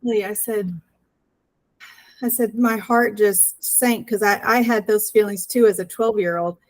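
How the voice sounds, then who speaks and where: A woman's voice: medium pitch, steady tone, a little slow, rough recording. A woman telling an earnest personal story as an interview guest, acting out the dialogue as she goes.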